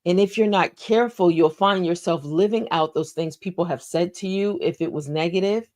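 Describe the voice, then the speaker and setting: A woman's voice: lowish voice, normal speed, darkish tone. Encouraging woman hosting a motivational talk. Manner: encouraging, repeats key phrases, asks listeners questions. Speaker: host.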